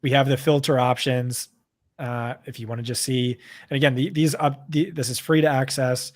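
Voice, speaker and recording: A man with a New Jersey accent co-hosting a live stream, talking quickly and casually with lots of fillers. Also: mid-range voice, fairly even intonation. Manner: quick, chatty, full of fillers. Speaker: co-host presenting a data tool.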